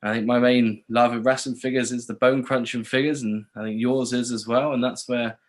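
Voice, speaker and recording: A man's voice: medium pitch, steady tone, brisk. A man with a Cornish accent, hosting a casual podcast interview in a friendly way. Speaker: podcast host.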